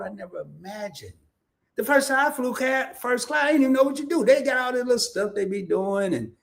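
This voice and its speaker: Animated man telling stories. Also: high-pitched. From Arkansas. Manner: animated storytelling with laughs and repeated restarts. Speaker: host. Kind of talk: casual livestream chat.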